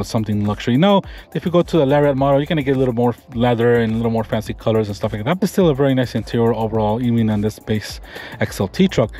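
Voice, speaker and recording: A quick-talking man runs an eager show-and-tell of a pickup's interior for his car vlog, rambling and restarting sentences as he goes. His voice sits at an ordinary middle pitch. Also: warm tone. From Florida. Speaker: car reviewer. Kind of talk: walkaround car review vlog. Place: in and around a parked pickup truck.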